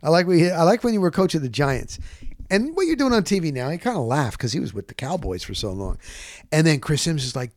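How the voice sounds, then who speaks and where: A man's voice: on the high side, moderate pace, no room sound, studio quality. Chatty New man spinning anecdotes. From New Jersey. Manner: rambling, animated anecdotes with self-corrections and quoted dialogue. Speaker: podcast host. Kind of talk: casual storytelling.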